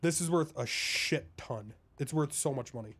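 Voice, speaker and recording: A man's voice: on the high side, moderate pace, fairly bright tone, breathy edge. A man roleplaying a crook in a game, talking in a profane, rambling, conspiratorial way. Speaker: roleplay streamer playing a crook.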